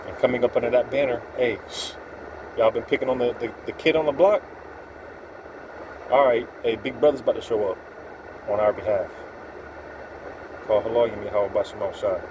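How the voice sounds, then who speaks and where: A man's voice: medium pitch, steady tone, normal speed, pauses often. Profane streetwise preacher man, noisy room. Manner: streetwise, profane, emphatic preaching with scripture quotes. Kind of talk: informal religious talk.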